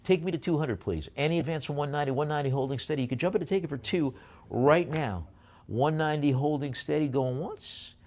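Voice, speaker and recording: A man's voice: fairly high pitch, quick pace, a little mellow. A man working as an auctioneer, calling out bids at a live auction and slipping in jokey asides between lots.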